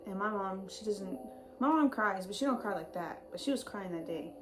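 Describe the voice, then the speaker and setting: A woman's voice: medium pitch, lively intonation, normal speed. A young woman and new mother casually telling her labor story in a chatty way, full of "like" and easy laughs. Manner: chatty, lots of "like", laughs easily. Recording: background music under voice. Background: music.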